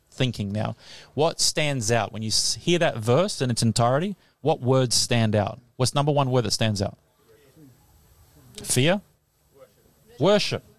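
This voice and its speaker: On live radio, a man teaches the Bible to a class in front of him, quizzing them and laughing often in a lively way. His voice is mid-range with no echo, and the setting is a tent or hall with a live audience.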